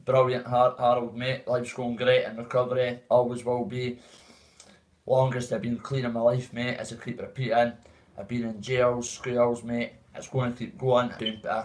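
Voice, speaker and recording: A man's voice: medium pitch, poor audio. A man with a Dundee Scottish accent, chatting casually and at length to viewers on a livestream, calling them mate. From Dundee, Scotland. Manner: rambling, greets chat as mate. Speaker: livestream host. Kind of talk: casual live chat.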